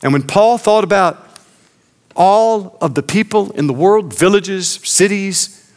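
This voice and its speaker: A man preaching a sermon as pastor, earnest, slowing and dropping his voice low for emphasis.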